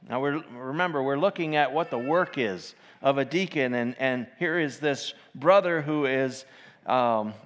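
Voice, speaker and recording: A man preaching an informal sermon, talking in a halting way with many fillers and restarts and reading scripture aloud. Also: mid-range voice. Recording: long hall reverb.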